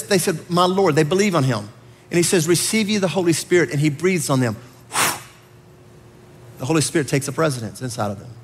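A man with a high voice preaching a sermon in a church sanctuary. He talks earnestly and builds up to emphatic peaks. His words ring out with the long reverb of a big hall. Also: fairly bright tone. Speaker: pastor.

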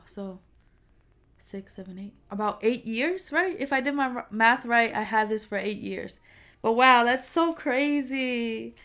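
A woman of about twenty doing excitable, gushing reaction commentary, calling out "bro" and "oh my God" as she watches. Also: on the high side. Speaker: YouTube reactor.

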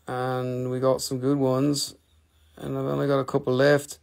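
Man, mid-pitch, fry-heavy, casual profane live-sales host, tired scratchy voice. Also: moderate pace. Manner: chatty, profane, excitable salesman talk. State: voice getting scratchy from hours of talking. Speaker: host selling rocks and gems on a live stream.

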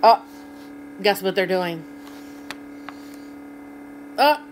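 Slow, gentle woman reading to kids. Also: medium pitch, animated, a little hiss or hum, poor audio. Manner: asks young listeners questions about the pictures. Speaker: children's read-aloud host. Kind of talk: reading a picture book aloud to children.

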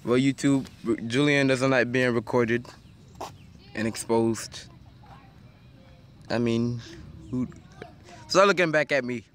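A man's voice: mid-range voice, slow pace, pauses often. A man vlogging casually from a car, talking into a handheld phone with playful, teasing banter. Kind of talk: casual vlog chat.

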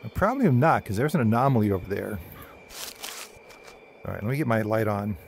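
A man's voice: lowish voice, animated, fairly quick, vocal fry, slight background noise. Chatty man narrating a VR game. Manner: chatty, rambling, apologetic asides. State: hiccups. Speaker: gamer streamer. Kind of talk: casual let's-play commentary.

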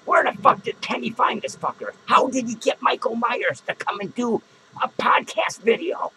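A man's voice: extremely high pitch, very animated, normal speed, creaky, pushed and bright, a little hiss or hum, exaggerated voice, poor audio. A man playing a foul-mouthed, jittery male clown who hosts a podcast and rants crudely and nervously at his viewers. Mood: ranting. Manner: swearing, rambling, nervous outbursts. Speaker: podcast host. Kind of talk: profane comedic rant to viewers. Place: podcast studio.

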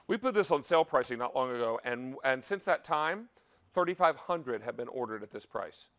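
A man hosting a live TV shopping show from a studio kitchen, chatty and emphatic as he pitches a product. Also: animated, moderate pace, a bit bright. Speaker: TV shopping host.

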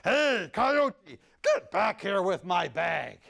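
A mighty creator spirit, played by a storyteller who calls out loud and scolding, pitched higher than the teller's own voice. His delivery is slow and full of rise and fall, as in a told folk tale. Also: very animated, vocal fry, heavily acted. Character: mighty, weary male creator spirit, stern.

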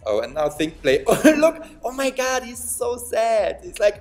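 High bouncy guy narrating his game, slow drawn out talk, playful and taunting. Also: big pitch swings, soft background music. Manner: playful, taunting, laughs often. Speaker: gaming commentator. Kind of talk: excitable let's-play commentary.

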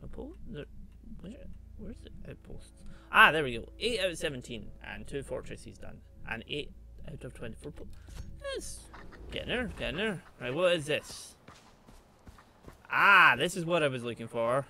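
A man's voice: fairly high pitch, very animated, normal speed, gravelly, pauses often, pushed and bright. A man commenting on his own gameplay, muttering to himself and cracking jokes at his enemies. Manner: chatty, muttering to himself, jokey asides to enemies. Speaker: gaming let's play host. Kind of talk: let's play commentary.

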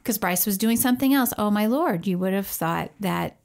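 A woman's voice: medium pitch, normal speed, vocal fry. A woman co-hosting a casual podcast, telling a story with lots of laughter and acted-out quotes. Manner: animated storyteller, laughs often, acts out quotes. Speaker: podcast co-host, parent.

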